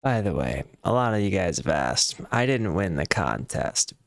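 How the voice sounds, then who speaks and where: A man's voice: deep voice, sing-song, normal speed, no echo, studio quality. A man hosting a music reaction video, chatting casually and repeating words as he thinks aloud.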